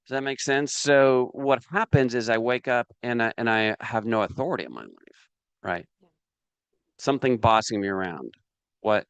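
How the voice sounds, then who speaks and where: Man, motivational teacher, middle pitch, dry close mic, animated, checks in with listeners. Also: normal speed, clear, resonant tone, dry recording. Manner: animated, asks "does that make sense" and "right" often; acts out inner voices and his dog. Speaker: speaker teaching a business course.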